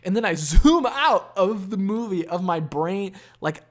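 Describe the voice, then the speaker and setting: A man hosting a podcast, telling a long story in a casual, profane monologue that is full of fillers and has loud, animated exclamations. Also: high-pitched, measured pace. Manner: profane, rambling, heavy on fillers. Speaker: podcast host.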